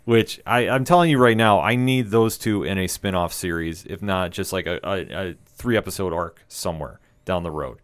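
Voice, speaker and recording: Guy on a podcast going over an episode, lowish smooth voice, rambles a bit and gets excited. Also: moderate pace, hardly any pauses. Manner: enthusiastic, rambling retelling with fillers. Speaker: podcast co-host. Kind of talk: casual episode recap chat.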